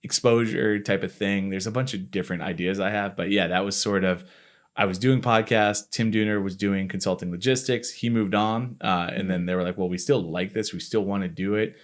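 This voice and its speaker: His voice sits low and steady, moving a little fast, as this thirtysomething Floridian who hosts a podcast and leads marketing for a company tells his story in a casual interview. It's rambling and self-mocking, with him replaying his old thoughts aloud.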